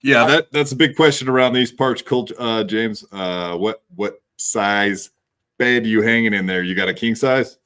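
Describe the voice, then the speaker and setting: A man's voice: lowish voice, measured pace, fairly bright tone, clear, resonant tone. A man co-hosting a podcast, laid-back and hesitant, with many fillers. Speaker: podcast co-host. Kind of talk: casual podcast chat.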